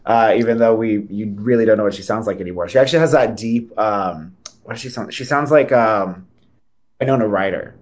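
A man's voice: fairly low pitch, a little fast. A young man co-hosting a podcast in casual chat, rambling with many fillers and restarts. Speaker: podcast co-host.

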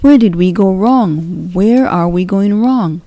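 A woman voicing a stern, sharp-tongued middle-aged mother in a read-aloud novel, speaking in a firm, scolding way. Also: mid-range voice, expressive, slow, dry recording. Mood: worried, defensive. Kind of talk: storybook reading.

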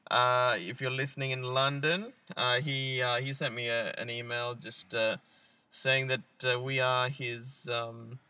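A man's voice: medium pitch, level tone, a little slow, bright, forceful tone, clean tone, dry recording, recorded from a distance. A man co-hosting a podcast in casual chat, easygoing with dry humour and plenty of ums and uhs. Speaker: podcast co-host. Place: mobile studio.

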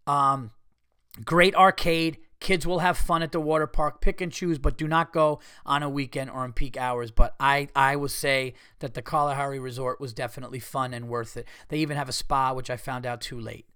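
With a medium-pitched, clear and resonant voice at a moderate pace, a podcast host tells a story casually and animatedly. He swears freely and acts out scenes with quoted voices. The studio-quality recording has no room sound.

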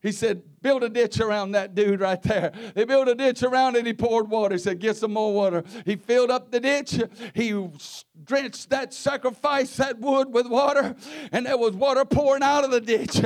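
A high-voiced man preaches a sermon. He retells the story in a folksy, homespun way, dropping to quiet murmurs and then rising to shouts. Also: normal speed.

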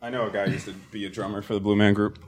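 A man's voice: on the low side, flat delivery, very fast, a little mellow. Sarcastic, profane man in crude banter. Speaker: podcast co-host.

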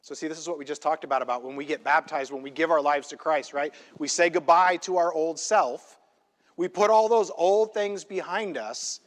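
A male pastor preaching a sermon in a church, emphatic and conversational, often checking in with a quick "right?". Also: fairly high pitch. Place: church sanctuary. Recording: long hall reverb in a church.

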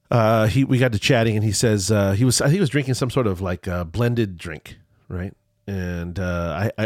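Animated man telling a rambling story. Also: lowish voice, no echo, studio quality. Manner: rambling, animated, with many restarts. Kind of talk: casual storytelling chat.

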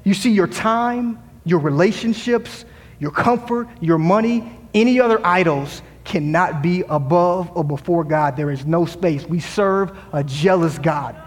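A man with a notably high voice preaches to his congregation, building emphasis as he quotes scripture and drops in wry jokes. His voice rings out with a long reverb from the church sanctuary. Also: measured pace. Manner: humorous asides. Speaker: pastor. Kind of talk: sermon.

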